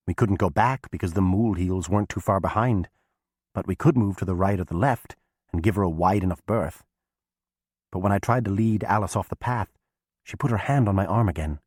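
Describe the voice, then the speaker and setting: A man narrating a fantasy audiobook in first person, steady and measured. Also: low-pitched, husky, dry recording, clean studio sound.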